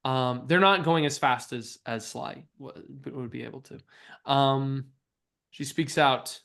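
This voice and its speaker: A man running a tabletop game as game master, narrating in a relaxed way with casual fillers. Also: medium pitch, creaky. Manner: unhurried, with casual fillers and easy laughs.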